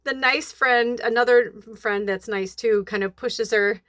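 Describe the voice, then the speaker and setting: A woman giving a casual spiritual reading who rambles with many fillers and bursts into high acted-out quotes. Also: steady tone, unhurried, fairly bright tone, no room sound, studio quality.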